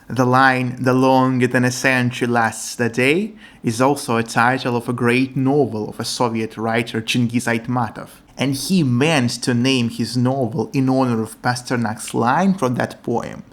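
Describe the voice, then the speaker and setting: Earnest man explaining poetry translation. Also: medium pitch. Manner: earnest, enthusiastic, non-native English phrasing.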